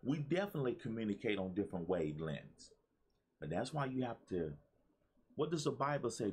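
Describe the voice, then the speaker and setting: A pastor and motivational speaker with a lowish, breathy voice talks to his viewers in a very animated way, going a little fast. His talk is preachy and repetitive, and he frequently calls on the audience.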